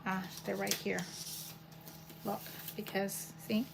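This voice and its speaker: A woman's voice: mid-range voice, slow, vocal fry. A woman hosting a paper crafting video, chatting casually and thinking aloud as she works at home. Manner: chatty, rambling, thinks aloud while working. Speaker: paper crafting channel host. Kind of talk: casual craft demo chat. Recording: home recording with steady background noise.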